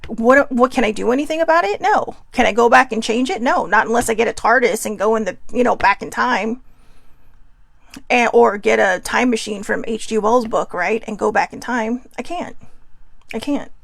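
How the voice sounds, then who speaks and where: Gravelly-voiced woman musing aloud. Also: a little high, normal speed, a bit bright, dry recording. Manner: earnest, musing, self-questioning. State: shaky voice from incense smoke. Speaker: host of a personal reflection show. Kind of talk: casual reflective monologue.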